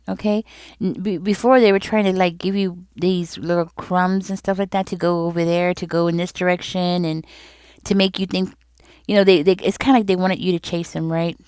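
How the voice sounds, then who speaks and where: A woman talks viewers through a tarot spread in a loose, conversational way, circling back over her points. Her voice sits low and smooth. It is recorded close and dry, with no room sound. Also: fairly even intonation, moderate pace, a little mellow, no room sound. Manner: conversational, repeats herself, speaks directly to viewers. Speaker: tarot reader. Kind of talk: casual tarot reading to camera.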